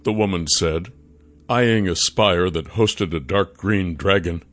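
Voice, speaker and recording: A man narrating a fantasy story in a calm, measured way. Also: low voice.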